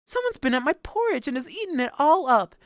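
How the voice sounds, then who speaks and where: A man voicing a tiny wee baby bear in a storybook, with a shrill, sharp little voice. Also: very animated, brisk, no echo, studio quality, exaggerated voice. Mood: upset.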